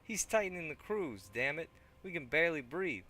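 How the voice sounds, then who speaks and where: A man's voice: on the high side, sing-song, normal speed, bright, forceful tone, pitched above the performer's own voice, exaggerated voice. A man voicing a big, pockmarked male gang leader from a video game, brash and boastful, with a put-on accent that keeps drifting. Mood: grumbling. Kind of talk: reading game dialogue aloud.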